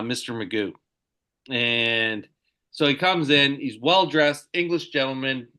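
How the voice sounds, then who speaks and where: A man, a podcast host, telling a story in a casual, halting way with many restarts. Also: mid-range voice, pushed and bright.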